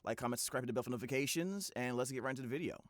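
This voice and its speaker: A man's voice: medium pitch, rapid-fire, no echo, clean studio sound. A man hosting a reaction video in casual, rambling talk full of fillers and restarts.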